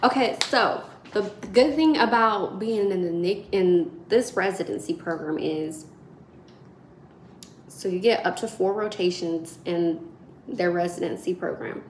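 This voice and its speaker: A woman's voice: on the low side, a little slow, a little hiss or hum. Chatty young woman in a roomy space. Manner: chatty, animated, addresses viewers as y'all. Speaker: nursing student vlogger. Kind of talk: casual vlog storytelling. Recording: roomy echo.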